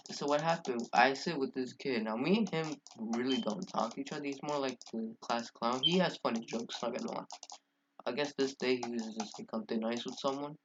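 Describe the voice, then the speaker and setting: A man's voice: medium pitch, brisk, dull audio, background noise. A man telling a casual story-time tale, rambling and profane, full of fillers and restarts. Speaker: storyteller vlogger.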